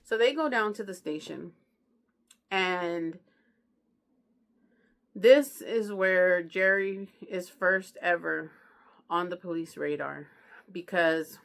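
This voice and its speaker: A woman with a low, gravelly voice retells a true crime book in relaxed, slangy chat. She keeps checking in with the listener and talks as if to a friend. Her delivery is loose and conversational. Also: takes it slowly, pauses often. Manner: slangy, chatty, keeps asking "you know what I mean". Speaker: book reviewer. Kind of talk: casual true crime storytelling.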